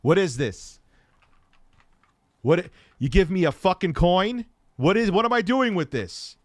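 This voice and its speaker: Sarcastic sweary guy ranting about gadgets, kinda high voice, dead dry sound. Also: no echo. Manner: profane, sarcastic, swings between mutters and shouts. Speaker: tech commentary host. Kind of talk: ranting commentary on clips.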